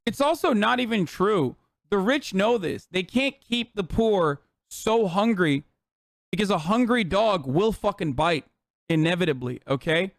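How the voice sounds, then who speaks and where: A man's voice: high voice, expressive, unhurried, gravelly, no room sound, studio quality. A male streamer ranting heatedly and sarcastically about politics to his chat, swearing often.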